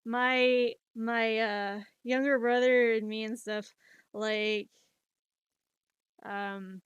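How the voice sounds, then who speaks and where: Woman streamer in her thirties, casual storyteller; clear, slightly high voice, dry sound, rambling with fillers. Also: fairly even intonation, very slow, no echo, highs cut off. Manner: rambling, many fillers and restarts, laughs at herself.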